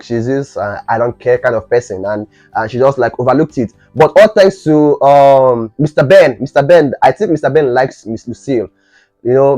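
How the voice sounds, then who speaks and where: A man's voice: mid-range voice, darkish tone, no room sound. A young man from Nigeria, casually reviewing a series episode and rambling with many fillers and restarts.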